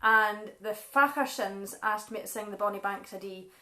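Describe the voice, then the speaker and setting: A woman's voice: mid-range voice, moderate pace, bright, forceful tone. A Scottish woman chatting casually at home between songs, reading out viewers' messages and apologising now and then. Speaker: singer and live stream co-host. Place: living room at home. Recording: echoey room.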